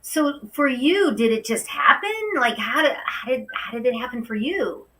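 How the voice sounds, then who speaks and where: A woman's voice: on the high side, lively intonation, moderate pace, fairly bright tone, recorded from a distance, a little hiss or hum, low-quality recording. A woman hosting a spiritual talk show, effusive and exclaiming often. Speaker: show host.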